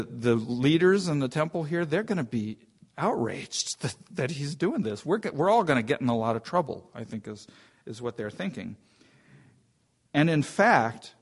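Man teaching scripture, thinking aloud. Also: medium pitch. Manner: informal, thinking aloud with frequent restarts. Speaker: Bible teacher. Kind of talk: conversational Bible teaching.

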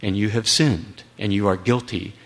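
A man's voice: on the low side, fairly even intonation, moderate pace, vocal fry. A man giving an earnest Bible teaching talk, emphatic with occasional wry asides. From United States.

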